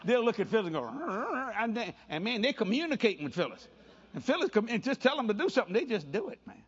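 Animated older man preaching, husky and lively. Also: sits high. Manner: animated and playful, doing quick voices in anecdotes, laughing. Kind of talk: sermon mixed with storytelling. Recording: dull lo-fi sound.

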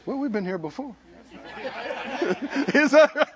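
A man preaching a sermon at a conference, emphatic and sometimes shouting, calling out to the congregation, in a dull lo-fi recording. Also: very high-pitched, lively intonation, slow, crowd noise. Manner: emphatic, shouting at peaks, laughing, call-and-response.

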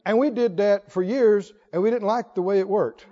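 A man's voice: sits high, moderate pace, dark tone, in a large hall, muffled recording. A man preaching a sermon, drawing out phrases, singing lines and leading the congregation in call-and-response. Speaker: pastor.

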